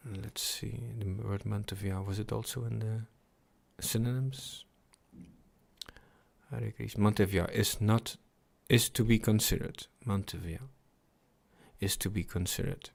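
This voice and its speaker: A man slowly reading and explaining devotional scripture, chanting at times, pausing to reflect and repeating his words. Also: lowish voice, fairly even intonation, gravelly. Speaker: scripture reader. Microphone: computer mic on a livestream.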